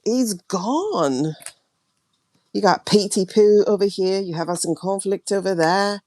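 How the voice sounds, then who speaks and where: A woman hosting a tarot livestream, ranting emphatically and repeating herself, her voice swinging between loud and hushed. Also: mid-range voice, unhurried, slight background noise. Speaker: tarot reader and livestream host.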